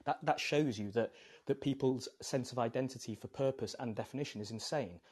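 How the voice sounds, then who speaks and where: A man's voice: medium pitch, a little fast, slightly rough, dry recording. A man with a British accent, chatting casually on a podcast and telling stories with frequent tag questions. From Britain. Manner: animated storyteller, tag questions like "right?".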